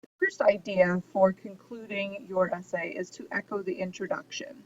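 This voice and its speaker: A woman's voice: mid-range voice, steady tone, moderate pace. A woman giving a recorded lesson on essay writing, explaining steadily with frequent ums and uhs. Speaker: writing instructor. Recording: dull distant mic with faint hiss.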